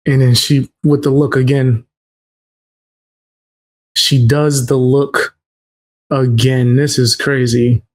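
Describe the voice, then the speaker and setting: A man's voice: medium pitch, little pitch movement, slow pace, pauses often. A man doing casual reaction commentary, blunt and scoffing, full of slang.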